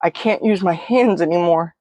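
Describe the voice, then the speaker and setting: A woman voicing a frightened young girl who pleads in a sobbing, breathless, higher voice. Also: normal speed, darkish tone, no room sound, lightly acted. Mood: pleading.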